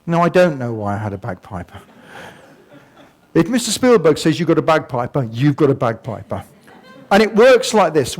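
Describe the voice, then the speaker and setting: A man's voice: on the high side, darkish tone. An older man giving a humorous talk to an audience, telling stories with self-mocking asides and sound effects. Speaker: guest speaker. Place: museum talk before a live audience.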